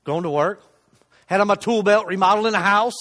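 A middle-aged man giving a sermon testimony from a church stage, conversational and self-deprecating, swinging between loud emphasis and hushed asides. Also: high-pitched, fairly quick. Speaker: lay preacher giving a testimony. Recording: long reverb of a church hall.

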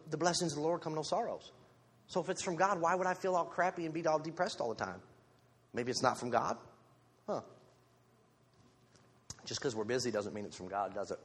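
Fairly high-pitched with a breathy edge, this man preaches informally to his congregation through a handheld microphone. As a lay preacher he is candid and self-deprecating, adding joking asides, while the church sanctuary gives the audio a long hall reverb.

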